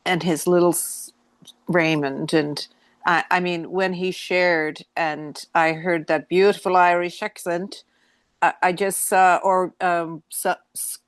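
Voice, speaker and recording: A woman from Newfoundland and Labrador, Canada, sharing in a workshop over a video call and searching haltingly for words. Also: fairly low pitch, no room sound. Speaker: workshop participant.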